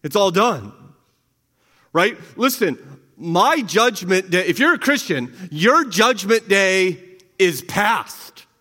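A man's voice: high voice, expressive, slow, bright, forceful tone. A man preaching a conversational sermon, asking his listeners questions and often repeating his words. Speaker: pastor. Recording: long reverb of a large hall.

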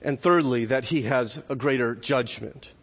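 A male pastor delivers an earnest sermon at a medium pitch and normal speed, often restarting phrases and slipping in rhetorical asides. The recording carries a long hall reverb.

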